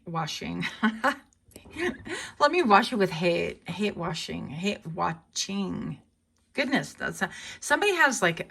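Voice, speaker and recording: Chatty woman with a gravelly voice. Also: fairly low pitch, a bit bright. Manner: rambling, chatty, self-correcting. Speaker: tarot reader. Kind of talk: casual tarot reading.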